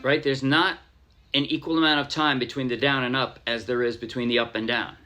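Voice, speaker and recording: Speaking over music in a mid-range voice with flat delivery, an American man teaches a ukulele song fairly quickly. His casual tutorial rambles a little, and he counts the beats aloud as he strums.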